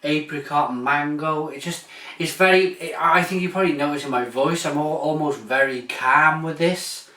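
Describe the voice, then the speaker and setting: This British channel host reviews beer casually, eager and rambling, often restarting and repeating himself. His fairly high voice has a sharp tone at normal speed, and the distant mic picks up an echoey room.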